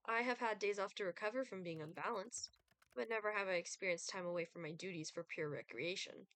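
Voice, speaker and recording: A woman's voice: medium pitch, brisk, fairly bright tone, no room sound, lightly acted. A woman voicing an aloof male Grim Reaper, reading his game lines in a cool, clipped, formal way. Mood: cold, formal. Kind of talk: reading game dialogue aloud.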